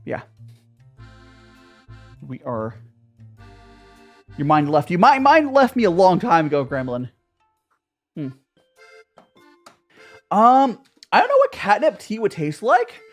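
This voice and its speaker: A woman streamer chatting casually with her viewers, bubbly and quick to laugh. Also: medium pitch.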